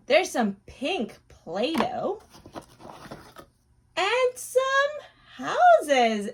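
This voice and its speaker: Husky, high, playful kids' show woman. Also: slight background noise. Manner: gasping, wide-eyed excitement, drops to a soft whisper at times. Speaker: children's educational video host. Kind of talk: playful narration to a child viewer.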